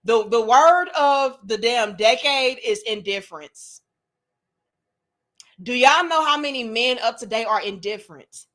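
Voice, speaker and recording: Woman host, high voice, outspoken and profane, monologue style. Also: expressive, a little slow, fairly bright tone. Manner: blunt and profane, slips into mocking quoted voices. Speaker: commentary channel host. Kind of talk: opinionated monologue to camera.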